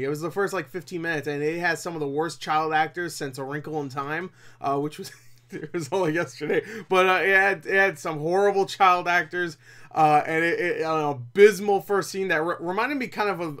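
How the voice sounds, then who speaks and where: A man's voice: on the high side, fairly bright tone. A man with a slightly raised voice rambles through a casual film review. He swears freely, breaks into laughter and keeps tripping over his words and starting again. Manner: rambling, profane, laughs often; frequent restarts and stammers. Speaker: movie reviewer.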